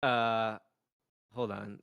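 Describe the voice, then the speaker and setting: A man's voice: lowish voice, very slow, vocal fry, clear, resonant tone, no room sound, dull audio. A man co-hosting a podcast, telling jokey stories in casual chat over a video call. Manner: animated storyteller, jokey. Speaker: podcast co-host.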